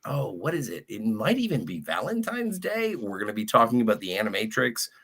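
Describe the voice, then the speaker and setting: Bright rambling man, low and lively. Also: a little fast. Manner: rambling and joking. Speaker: guest. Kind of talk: casual live-stream chat.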